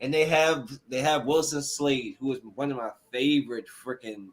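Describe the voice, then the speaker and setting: A man hosting a casual podcast in an easy, mid-pitched voice. He teases his guest with blunt, profane jokes and gets excited when he talks about what he likes. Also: normal speed. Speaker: podcast host. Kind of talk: casual chat.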